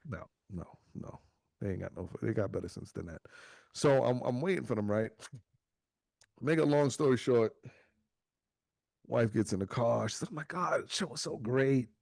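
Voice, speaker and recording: A man's voice: mid-range voice, moderate pace, gravelly, pauses often, a little mellow, dry recording, clean studio sound. A man hosting a podcast who tells a story in casual, profane speech and acts out the voices in it. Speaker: podcast host.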